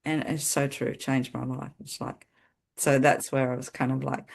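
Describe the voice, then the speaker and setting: Low, gravelly-voiced woman sharing her story. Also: little pitch movement. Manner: earnest, halting, many restarts. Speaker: podcast guest. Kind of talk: personal testimony in conversation.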